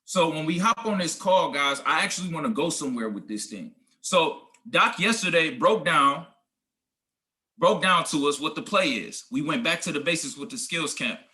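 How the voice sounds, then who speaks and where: A man's voice: a little high, expressive, moderate pace, pushed and bright. A man giving a motivational talk on a group call as a team leader, emphatic and preachy, talking slangy and calling listeners guys and family.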